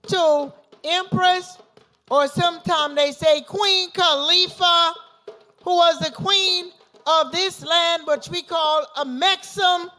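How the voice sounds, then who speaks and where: A woman's voice: very high voice, sharp tone. A woman leading a libation ceremony, chanting invocations and repeated call-and-response refrains. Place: gathering at an institution.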